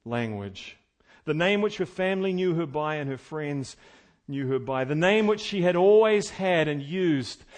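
A middle-aged male pastor preaching a sermon, moving between loud, emphatic preaching and quiet, folksy storytelling with chuckled asides. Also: a little high.

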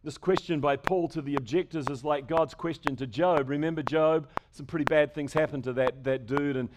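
A man's voice: on the high side, steady tone, normal speed. Emphatic preacher man, noisy recording. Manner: emphatic, asks the congregation rhetorical questions. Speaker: pastor. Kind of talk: sermon. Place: church service before a congregation. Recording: loud background noise with clicks.

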